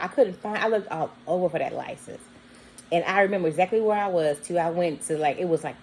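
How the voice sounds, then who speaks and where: Woman, low-pitched storyteller vlogging casually, animated retelling, slight background noise. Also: low-quality recording. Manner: animated, acts out quoted voices with bleeped words.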